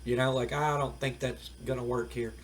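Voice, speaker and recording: A man's voice: medium pitch, level tone, normal speed, far from the mic, a little hiss or hum, voice pushed down, lightly acted. A man voicing a brash, money-minded wrestling manager who waves off a former client. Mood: dismissive. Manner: loud, dismissive, blustering. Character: brash, greedy male wrestling manager, middle-aged.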